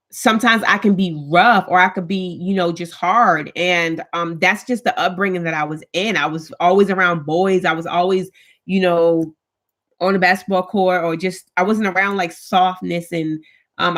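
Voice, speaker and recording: A woman in her thirties, a stay-at-home mom, chatting casually and bluntly with viewers on a live stream and reading out their comments. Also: lowish voice. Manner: talks with her hands, blunt and animated, reads viewer comments.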